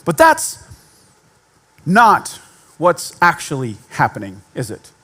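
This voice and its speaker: A man's voice: on the high side, wildly swooping pitch, slow, bright, forceful tone, breathy edge. A man giving a sermon in a conversational way, with self-deprecating humor and repeated points for emphasis. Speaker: pastor.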